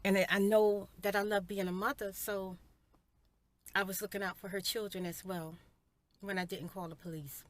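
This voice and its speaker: Soft-spoken woman telling a heartfelt story. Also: medium pitch, little pitch movement, moderate pace. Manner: heartfelt, spiritual, chatty, addresses viewers as you guys and y'all. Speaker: ASMR storyteller. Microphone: close mic for eating sounds.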